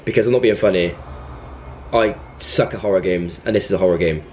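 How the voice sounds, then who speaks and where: Playing a horror game on his YouTube channel, a young man alternates between panicky, jumpy outbursts and scolding the game like a baby. He has a deep, darkish voice, speaks fairly quickly, and there's slight background noise.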